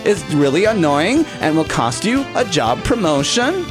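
A man's voice: fairly high pitch, very animated, a little slow, few pauses, music in the background. A man co-hosting a podcast in a campy, teasing style, interviewing a guest. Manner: campy and teasing, breaks into song. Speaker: podcast co-host. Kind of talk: playful talk-show chat.

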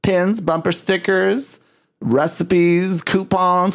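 A man's voice: medium pitch, normal speed. Rambling male podcast co-host. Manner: rambling, searches for words with many fillers. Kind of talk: casual chat.

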